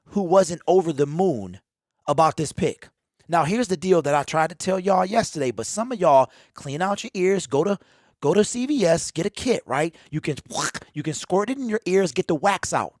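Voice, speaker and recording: A man's voice: on the high side, dry recording, studio quality. A man in his forties hosting a fan livestream, rambling and teasing his chat in a casual rant. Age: 40s.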